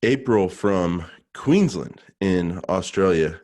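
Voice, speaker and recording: A male podcast co-host with a somewhat low voice talks casually into a studio mic. He sounds jokey and self-assured, tossing out advice with loose restarts. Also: moderate pace, darkish tone.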